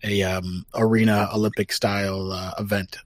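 A man's voice: lowish voice, flat delivery, moderate pace, no room sound. A man from Puerto Rico, playing in a tabletop game, talking casually and hesitantly with many fillers. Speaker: player.

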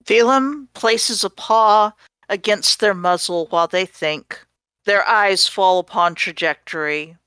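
A woman's voice: mid-range voice, slow, bright, forceful tone, clear, resonant tone, no room sound, studio quality. A woman playing a tabletop role-playing game, speaking playfully in character as a capybara. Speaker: player.

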